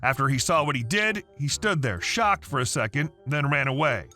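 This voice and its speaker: A man narrating reddit stories in an animated reading voice, with faint music behind. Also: mid-range voice, normal speed.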